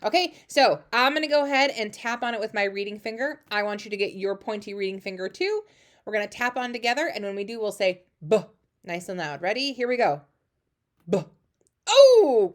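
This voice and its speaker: A woman teaching a phonics lesson to young children, warmly encouraging with lots of praise. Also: on the high side. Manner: encouraging, lively, sing-song praise.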